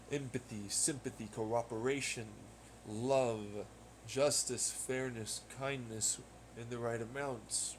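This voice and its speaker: A man's voice: mid-range voice, a little hiss or hum. A man rambling in a casual solo podcast, profane, with sudden angry outbursts. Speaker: podcast host.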